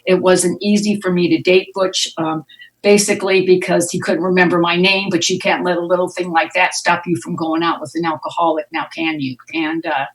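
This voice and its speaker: A woman's voice: lowish voice, little pitch movement, brisk. A middle-aged woman from the United States sharing her story at an Al-Anon meeting, frank and wry, with a storyteller's timing. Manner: frank, wry storyteller who acts out quoted voices. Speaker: Al-Anon speaker. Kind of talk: recovery meeting share, storytelling. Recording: distant mic, online conference audio.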